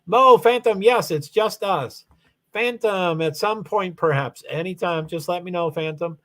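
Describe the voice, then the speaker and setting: This livestream host, from Louisville, Kentucky, in the USA, speaks with a faint Southern accent in a high, fairly bright voice, taking his time. His casual chat is rambling and halting, full of restarts.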